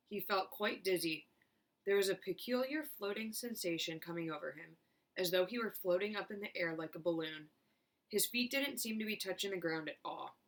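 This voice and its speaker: A woman teacher reading a children's chapter book aloud with clear, expressive narration. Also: on the low side. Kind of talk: storybook read-aloud.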